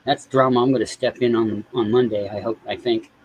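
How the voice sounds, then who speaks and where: A man's voice: medium pitch, fairly even intonation, a little fast, a little hiss or hum, low-quality recording. A man chatting casually on a live stream, rambling and swearing freely as he talks to viewers. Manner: rambling and profane.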